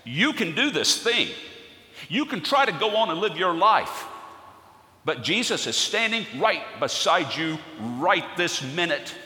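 A man's voice: high-pitched, very animated, a little slow, sharp tone, heavily acted. A male preacher voicing a brave woman who firmly defies an intruder during a sermon. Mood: defiant. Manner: firm and defiant. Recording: echoey church hall with long reverb.

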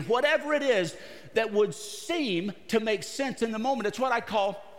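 A male pastor preaching a sermon in short phrases, pausing often and putting questions to his listeners. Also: high voice, fairly bright tone. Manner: broken into short phrases with pauses. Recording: long reverb of a large hall.

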